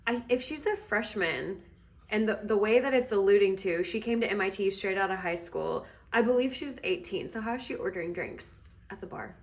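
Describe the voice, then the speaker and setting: A chatty woman book vlogger recaps a romance novel while sitting outdoors. She keeps her voice quieter than her usual, at a middle pitch, in a relaxed, conversational way. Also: normal speed. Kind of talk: casual reading vlog chat.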